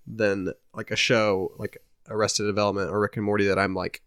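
A man's voice: lowish voice, level tone, fairly quick, fairly bright tone, clear, resonant tone, no echo, clean studio sound. A man co-hosting a podcast, chatting casually and hesitantly about sitcom rankings. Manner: hesitant, restarts while ranking shows. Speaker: podcast co-host. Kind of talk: casual chat.

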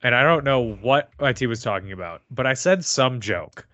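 Here a podcast co-host chats casually about a movie, retelling its plot in a dry, sarcastic manner over a remote mic with no camera. His mid-range voice is animated, bright and forceful at a moderate pace, and the recording is dry.

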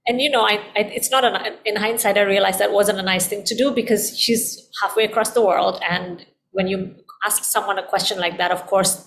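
A woman's voice: mid-range voice, creaky, a bit bright, a little hiss or hum. A middle-aged woman, a guest in a conversation, telling a personal story in an earnest, heartfelt way and repeating phrases for emphasis.

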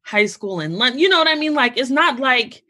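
A woman guest on a podcast, in casual, animated conversation, talking in quick bursts and restarting her sentences often. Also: high voice. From United States. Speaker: podcast guest, founder of a mental health community.

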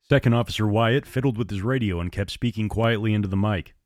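Brief: male narrator, low and measured, dry close sound. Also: dry recording. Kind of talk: storybook narration.

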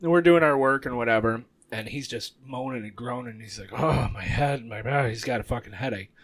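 A man in his thirties on a podcast, telling school stories casually, laughing loudly and acting out the voices. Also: mid-range voice, brisk. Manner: animated storyteller who acts out quotes and laughs loudly. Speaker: podcast co-host. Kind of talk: casual chat, storytelling.

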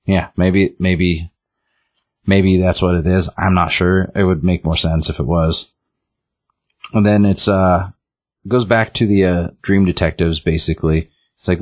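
Very low-voiced man recapping a comic in casual chat, rambling, full of fillers and restarts. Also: steady tone, measured pace.

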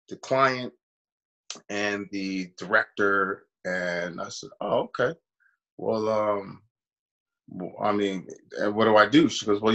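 A man's voice: on the low side, fairly bright tone, muffled recording. A man, an actor, casually telling a long personal story in an interview and acting out the voices of people he quotes. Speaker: actor guest.

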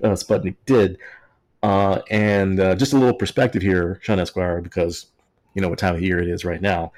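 A man's voice: deep voice, fairly even intonation, normal speed, a little mellow. A man hosting a casual history podcast, telling it in a jokey, sarcastic way. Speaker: podcast host.

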